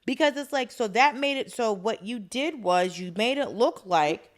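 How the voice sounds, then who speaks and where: A woman's voice: fairly high pitch, expressive. A young adult woman co-hosting a podcast, chiming in emphatically while recapping a TV drama. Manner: emphatic, quick interjections. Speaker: podcast co-host and producer. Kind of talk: casual chat recapping a TV drama.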